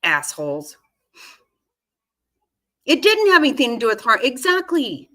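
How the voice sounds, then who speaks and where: A woman's voice: a little high, wildly swooping pitch, unhurried, pushed and bright. A woman giving casual reaction commentary on a court case, indignant and swearing freely as she talks back at the screen. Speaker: true-crime commentary host.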